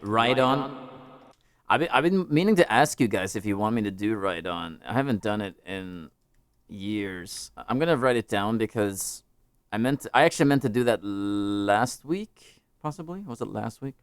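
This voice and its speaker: A man's voice: on the low side, lively intonation, moderate pace, clear, resonant tone, no room sound. A man hosting a live music stream, chatting casually with viewers, rambling and joking as he interrupts himself. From United States.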